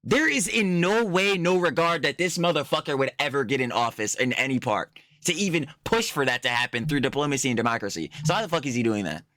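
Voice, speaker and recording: A man with a bright, forceful voice hosts a reaction stream, blunt and mocking and swearing constantly as he rants. The sound is dry and close, with no room around it. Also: mid-range voice, lively intonation, fast, no room sound. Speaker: reaction channel host. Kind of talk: casual profane reaction commentary.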